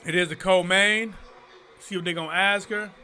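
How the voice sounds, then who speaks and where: Man, high voice, very bright and sharp tone, excitable slangy live fight commentary. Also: normal speed. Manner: excitable, talks back to the screen, slangy. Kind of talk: casual live stream commentary.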